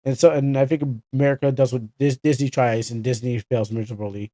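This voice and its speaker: A man's voice: medium pitch, little pitch movement, brisk, warm tone, no room sound. A young Canadian man chatting casually on a game livestream, rambling and correcting himself with chuckling asides. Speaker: streamer.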